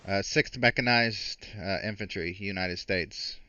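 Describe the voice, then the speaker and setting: A man's voice: sits low, a little slow, pushed and bright, slight background noise. A man playing a tabletop game, talking in a blunt, wry way. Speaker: player. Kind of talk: tabletop role-play. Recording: dull, distant mic.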